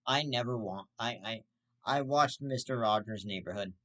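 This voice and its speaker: A man hosting his own vlog, ranting with constant swearing and sudden outraged jumps in pitch. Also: normal speed, fairly bright tone. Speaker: host. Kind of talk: profane vlog rant.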